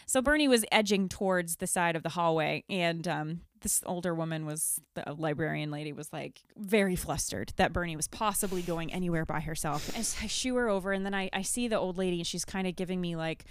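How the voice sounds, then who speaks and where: Woman in her 30s rambling thru a chaotic story, smooth clear voice, dry close sound. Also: lowish voice, a little fast, no echo. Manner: animated, laughing retelling with lots of "like". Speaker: podcast co-host. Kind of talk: casual storytelling chat.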